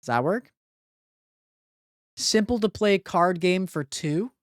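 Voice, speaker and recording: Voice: mid-range voice, lively intonation, takes it slowly, no room sound, studio quality. A live streamer chatting casually with viewers while solving word puzzles, thinking aloud with blunt, profane banter. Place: home streaming room.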